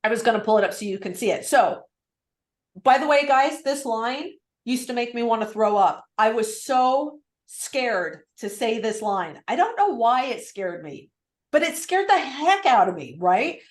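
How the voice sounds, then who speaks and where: Lively woman coach in an echoey room. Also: a little high, normal speed. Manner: energetic, animated, acts out client lines. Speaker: real estate coach. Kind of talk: coaching session on a video call.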